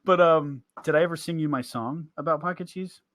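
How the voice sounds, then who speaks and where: A man's voice: on the high side, fairly quick, a bit bright, no room sound, clean studio sound. A man co-hosting a casual podcast, telling a story and laughing often as he talks, into a headset mic. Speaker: podcast co-host. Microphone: headset mic with big headphones.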